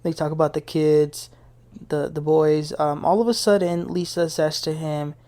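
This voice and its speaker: A woman's voice: deep voice, steady tone, moderate pace, warm tone. A woman hosting a casual reality TV recap, retelling scenes in a chatty way with her own opinions and asides. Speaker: TV recap host.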